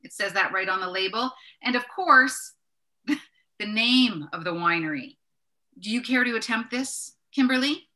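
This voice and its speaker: A woman's voice: a little high, lively intonation, a little slow, bright, forceful tone. A woman co-hosting a wine tasting, chatty and enthusiastic, correcting herself as she goes. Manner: chatty, self-correcting, enthusiastic about labels. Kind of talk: casual tasting chat.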